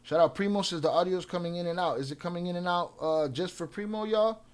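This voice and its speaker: A man's voice: high voice, clear, resonant tone. Profane, combative male stream host. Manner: profane and combative, trash-talking trolls; quick shout-outs with filler "uh" and restarts. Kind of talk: casual live-stream chat.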